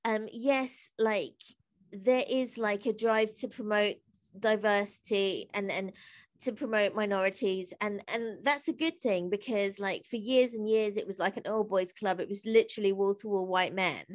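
A woman talking as a podcast guest in a chatty, animated way, laughing often and filling her speech with "like". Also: mid-range voice, moderate pace. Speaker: guest, comedy writer and singer. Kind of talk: casual interview conversation.

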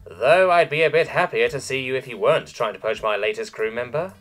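A man's voice: medium pitch, a little fast, a bit bright, faint music behind, close to an everyday voice. A man voicing a dry, no-nonsense female military captain who speaks in a curt, wry way. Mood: wry, brisk.

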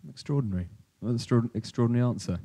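A man interviewing a guest on stage, speaking warmly and with compliments. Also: medium pitch, rapid-fire, breathy edge. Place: stage before an audience.

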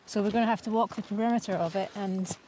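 A woman's voice: medium pitch, steady tone, quick pace, dark tone, slight background noise. A woman co-hosting a vlog outdoors, plainly explaining what they are doing. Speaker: vlog co-host. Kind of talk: casual outdoor chat. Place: outdoors on an island farm.

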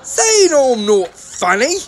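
Cartoon parody: woman voicing a slow, aggrieved comic, lively pitch. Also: some chatter behind, a little hiss or hum, full character voice. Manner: aggrieved, complaining.

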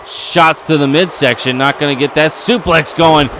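Excitable man calling a wrestling game. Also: on the high side, moderate pace, noisy background. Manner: excitable, building to yelling at near falls. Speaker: play-by-play commentator.

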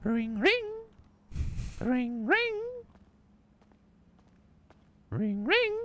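A man's voice: very high-pitched, big pitch swings, extremely slow, fairly bright tone, pitched above the performer's own voice, exaggerated voice. A man voicing a frail, fussy old woman who mutters fretfully and lurks about in a role-play game. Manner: quavering, fretful "oh dear" muttering.

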